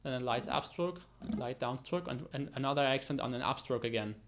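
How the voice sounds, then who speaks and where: The audio is very noisy, and a man with a mid-range voice talks fairly quickly. Teaching guitar technique in a tutorial over loud guitar playing, he frequently uses fillers, restarts himself, and counts out the beats.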